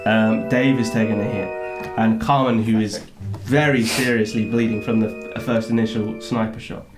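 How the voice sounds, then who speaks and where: A man running a tabletop game, narrating haltingly with many ums and laughs. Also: fairly low pitch, fairly even intonation, over music. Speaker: game master.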